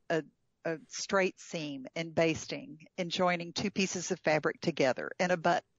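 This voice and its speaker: A woman's voice: on the low side, no room sound, dull audio. A woman guest telling a travel story in casual chat, chatty with frequent fillers and laughs. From United States.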